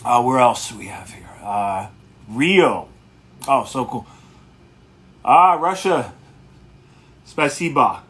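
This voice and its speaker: A man hosting a casual livestream as a guitarist, talking in a relaxed, rambling way and greeting viewers one by one. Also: mid-range voice, takes it slowly, pauses often, breathy edge.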